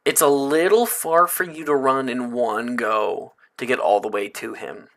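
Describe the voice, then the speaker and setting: A man running a tabletop role-playing game, narrating and guiding players in a relaxed way with frequent hesitations. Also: medium pitch, unhurried. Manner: casual, hesitant with many fillers. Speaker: game master.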